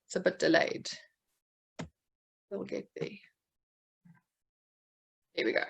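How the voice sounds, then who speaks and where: A woman's voice: medium pitch, steady tone, slow pace, gravelly, slightly rough, poor audio. A woman with a South African accent, a speech-language therapist, presenting an educational webinar and explaining classroom activities with examples and occasional fillers. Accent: South African English.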